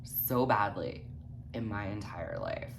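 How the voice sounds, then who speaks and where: A woman's voice: very deep voice, takes it slowly, noisy background. A woman telling a storytime vlog in a snarky, heavily profane way. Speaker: vlogger.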